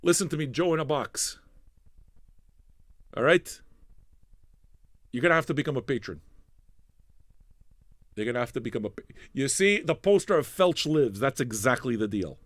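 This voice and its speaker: A male streaming radio DJ talks at normal speed, pausing often, while hosting a live music stream recorded without echo. Casual and foul-mouthed, he rambles and plays off the chat with jokes, turning animated, then suddenly loud, then low and mumbling.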